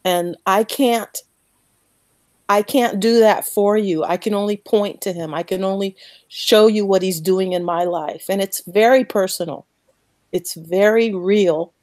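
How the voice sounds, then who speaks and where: A woman speaking slowly and earnestly about her faith as a guest, emotional and close to tears, repeating words as she goes. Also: mid-range voice, a little mellow, no echo. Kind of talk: emotional faith talk on a podcast.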